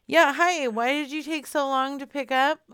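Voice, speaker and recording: A woman's voice: sits high, fairly even intonation, normal speed, fairly bright tone, dry recording, clean studio sound. A woman streaming live as she makes prank phone calls, teasing and mock-stern with the people she rings.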